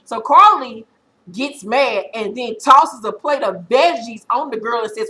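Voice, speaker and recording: A woman vlogger in her thirties giving a blunt, profane, animated recap of a reality show episode. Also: a little high, unhurried, low-quality recording.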